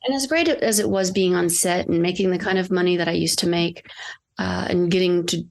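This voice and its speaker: A woman sits down as a podcast guest and tells a personal story in conversation. Her voice is low and gravelly with vocal fry, and she speaks earnestly, pausing and restarting as she goes. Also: fairly even intonation. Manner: earnest, halting, with frequent restarts and fillers. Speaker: podcast guest, acting coach.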